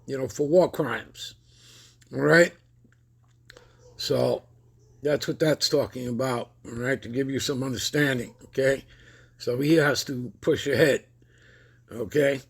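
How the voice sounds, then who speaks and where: A man's voice: medium pitch, measured pace, creaky, pauses often, slightly rough. A man preaching over news commentary, constantly checking in with his listeners with "all right?" and "okay?", reading scripture aloud with rising emphasis. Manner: keeps checking in with listeners with repeated tag questions.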